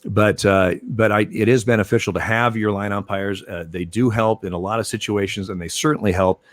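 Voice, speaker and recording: An older man, a retired umpire, telling stories in a relaxed interview, with many fillers and restarts. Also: lowish voice, brisk, dry recording. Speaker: retired baseball umpire, guest. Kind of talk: casual interview storytelling.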